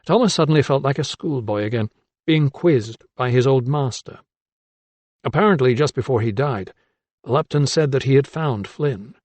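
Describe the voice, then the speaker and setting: A man narrating an audiobook in a calm, even storytelling voice. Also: medium pitch, normal speed, no echo. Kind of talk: scripted narration.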